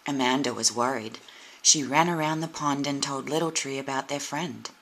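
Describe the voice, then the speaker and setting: A woman narrating a children's storybook in a gentle, unhurried way. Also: a bass voice, slight background noise, low-quality recording. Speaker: storybook reader.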